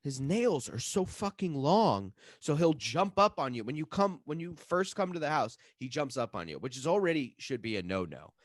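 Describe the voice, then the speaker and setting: A man co-hosting a comedy podcast, telling a profane story with lots of swearing and shouted reenactments. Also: a little high, normal speed, few pauses, dry recording, clean studio sound. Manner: profane, animated, acts out his own yelling. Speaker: podcast co-host.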